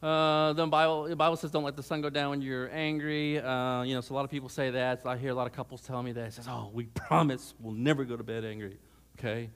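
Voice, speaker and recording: A man's voice: medium pitch, fairly even intonation, quick pace, a bit bright, clear, resonant tone. A middle-aged man giving a conversational sermon on marriage to students, telling stories and often checking in with "okay?". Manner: chatty, anecdotal, frequent "okay?" check-ins. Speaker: speaker at a church student rally. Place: church hall.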